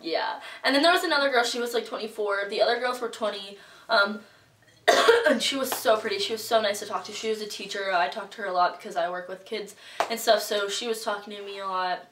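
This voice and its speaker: A young woman chats through a story for her vlog, stacking up fillers and acting out what people said. Her voice sits at an ordinary middle pitch. The sound bounces around the room, and she is a little back from the mic. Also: brisk, distant mic, background noise. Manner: chatty, filler-heavy with lots of "like" and quoted reactions. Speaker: vlogger. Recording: roomy echo, voice a bit off-mic.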